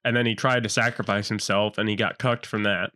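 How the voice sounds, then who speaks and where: A man's voice: lowish voice, steady tone, a little fast, pushed and bright. A young man co-hosting a podcast in casual chat, airing blunt, opinionated takes with fillers. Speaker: podcast co-host.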